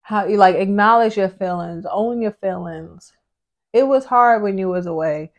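A woman's voice: medium pitch, normal speed, gravelly. A pregnant woman in her thirties, a family vlogger talking candidly with her husband in a casual sit-down chat, full of "like" fillers. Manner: candid, chatty, with many "like" fillers. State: pregnant, often out of breath.

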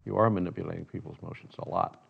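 Gravelly low-voiced older man recalling. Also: steady tone, very fast, phone-quality sound. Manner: storytelling, quotes others in his anecdotes. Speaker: filmmaker interviewee. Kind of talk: reflective interview answers.

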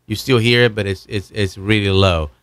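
Sitting at his home studio desk, a video host reviews microphones in a steady, fairly low and fairly bright voice. His unpolished demo patter keeps restarting as he shifts around the broadcast mic on its arm, changing his distance, and the recording is dry.

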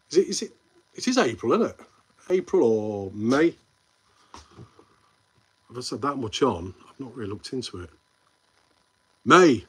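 Husky-voiced Midlands man chatting live. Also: medium pitch. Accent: English Midlands. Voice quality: friendly banter with viewers, calls them mate. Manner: rambling, reads viewer comments aloud and answers them. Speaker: live stream host. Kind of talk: casual live-stream chat.

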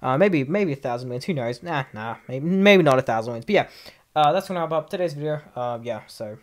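A man's voice: on the high side, animated, brisk. A man from Australia with an Australian accent, a gaming YouTuber doing casual commentary, ranting in an exasperated way, repeating himself and stumbling over words.

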